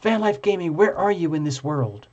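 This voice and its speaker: An excitable, playful man hosting a live tarot stream, gushing over his viewers' comments. His voice is fairly high for a man, and the sound is dull and lo-fi. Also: moderate pace.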